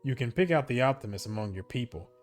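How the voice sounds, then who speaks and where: A man's voice: medium pitch, quick pace, faint music behind. A man reading the narration of an interactive story game aloud, breaking off for casual asides about his choices. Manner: steady storybook reading broken by casual asides and laughs at slips. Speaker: game streamer.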